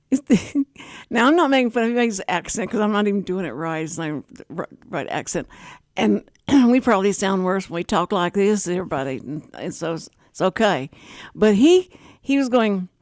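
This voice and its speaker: A woman's voice: mid-range voice, brisk, no room sound, studio quality. An older woman from Texas hosting a casual radio talk show, telling stories and acting out phone calls. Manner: animated storyteller, acts out phone calls. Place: radio studio.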